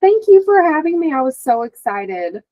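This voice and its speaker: A woman therapist, chatting as a guest and telling stories in a lively way, with lots of "like". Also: high-pitched, normal speed, low-quality recording. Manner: animated storytelling, many "like" fillers, acts out quotes. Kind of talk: casual podcast conversation.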